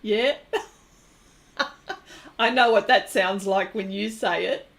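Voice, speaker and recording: A woman's voice: medium pitch, slow pace, vocal fry, a bit bright. A middle-aged woman from New Zealand with a Kiwi accent, hosting an art livestream, chatting casually and laughing often while she reads viewer comments. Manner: giggly, laughs often between remarks.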